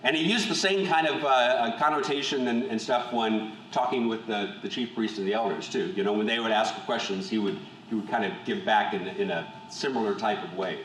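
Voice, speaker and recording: A man leading a Bible study group, reading scripture aloud and then talking it through in a measured, thoughtful way with frequent restarts. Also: lowish voice, fairly bright tone, far from the mic. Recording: echoey room, voice from off-mic, faint hum.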